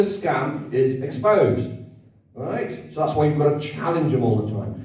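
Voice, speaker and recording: At a public event in an echoey hall, a man gives an informal lecture, conversational and repetitive, often asking the audience to agree. He sounds far from the mic, with a medium pitch, a darkish tone, and a very animated yet unhurried delivery.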